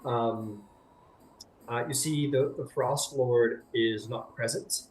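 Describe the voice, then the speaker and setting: A man's voice: mid-range voice, fairly even intonation, slow, a little hiss or hum. A man narrating a tabletop game as game master in a casual, rambling way full of fillers. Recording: echoey room with faint music.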